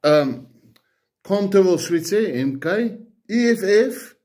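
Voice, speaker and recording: A man's voice: sits high, lively intonation, slow pace, a little mellow. A man with an Afrikaans South African accent, ranting bluntly to camera and firing off repeated, profane rhetorical questions. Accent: South African, Afrikaans-speaking. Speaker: political commentator. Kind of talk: angry political rant to camera.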